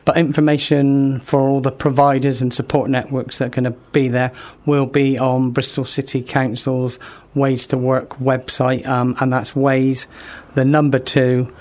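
A man being interviewed on community radio about careers support, informative and pausing with ums. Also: medium pitch, flat delivery, darkish tone. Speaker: careers service guest.

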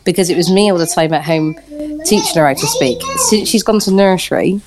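A woman's voice: lowish voice, huge pitch swings, fairly quick, a crowd in the background. A young woman with a Bristol accent, chatting in a rambling, friendly way as an interview guest over a remote call. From Bristol, England. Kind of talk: casual remote interview chat.

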